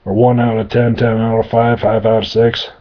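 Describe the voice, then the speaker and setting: A man's voice: on the low side, little pitch movement, moderate pace, close to an everyday voice. A man voicing a crude, manic male demon merchant who babbles in endless rhymes and wordplay, in a dull lo-fi recording. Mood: rambling. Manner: nonstop rhyming babble. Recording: dull lo-fi sound.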